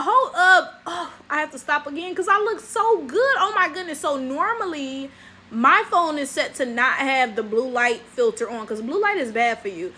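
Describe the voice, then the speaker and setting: Sassy Detroit woman, bright and high. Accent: African American English, Detroit. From Detroit, USA. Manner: sassy, animated, profane, with frequent "right?" asides. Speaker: YouTube commentary host. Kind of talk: casual reaction commentary.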